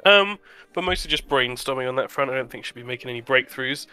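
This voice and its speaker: Man player, crisp bright tone, muses slowly with ums. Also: mid-range voice, expressive, faint music behind. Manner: thoughtful, hesitant, many fillers. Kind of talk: casual tabletop role-play.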